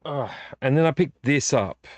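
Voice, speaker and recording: Speaking at normal speed in a mid-range voice, with no room sound, a vlog host relaxes at home late at night. Tired and yawning, he rambles about his movie collection and grumbles about the covers.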